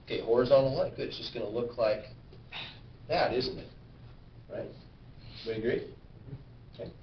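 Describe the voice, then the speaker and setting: A man's voice: mid-range voice, brisk. Roomy classroom teacher, man, distant mic. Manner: questioning, checks understanding often. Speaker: physics teacher. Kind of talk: classroom lecture. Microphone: camera at a distance. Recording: roomy, distant, dull camera sound.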